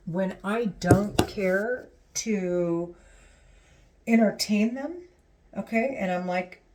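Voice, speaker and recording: Woman vlogger, unscripted rant, restless and profane, mid pitch. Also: slow pace, darkish tone, slight background noise. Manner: agitated, rambling, profane, many restarts. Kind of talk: unscripted monologue to camera.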